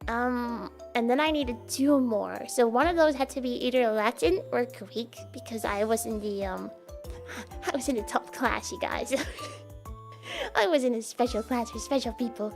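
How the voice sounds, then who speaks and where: A young Dutch woman from the Netherlands, a native Dutch speaker with a Dutch accent, chats playfully with her live stream viewers and giggles often. Her voice is a little high with vocal fry, at normal speed, with music in the background.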